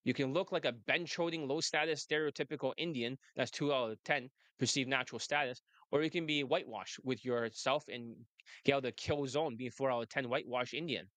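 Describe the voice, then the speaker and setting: A male dating coach holds forth in a brash, rambling manner. His voice is smooth and resonant at a middling pitch. The sound is dry and close. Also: brisk, fairly bright tone, dry recording. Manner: brash, rambling, laughs often. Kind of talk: casual monologue and phone chat.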